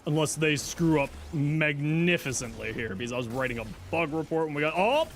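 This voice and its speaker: Lively, high-voiced man streaming a game. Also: fairly quick, slight background noise. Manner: animated, exclaiming and talking to himself while playing. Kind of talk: casual live gameplay commentary.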